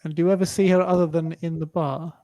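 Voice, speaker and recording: A polite man playing a tabletop game who talks hesitantly and fills his pauses. His voice is fairly high but mellow and soft-edged, recorded close and dry. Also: flat delivery, no room sound. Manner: polite, hesitant, with many fillers. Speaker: player. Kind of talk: casual tabletop game talk.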